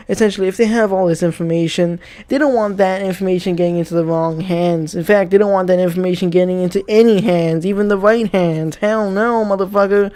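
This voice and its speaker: His voice sits high with a darkish, clean tone as this young YouTuber rants comedically. The commentary is profane and sarcastic from start to finish.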